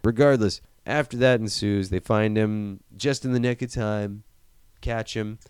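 Rambling, swearing young man, lowish voice. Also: fairly even intonation, a little slow, a little mellow, clean tone, no room sound, studio quality. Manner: rambling, profane, acts out characters. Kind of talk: casual chat retelling a movie.

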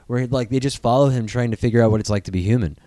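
A man rambles through a casual podcast chat, joking and swearing freely. His voice is smooth and clear at a middling pitch. It sits dry and close on the mic. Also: very fast, dark tone, no echo. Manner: profane, jokey, rambling. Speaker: podcast co-host.

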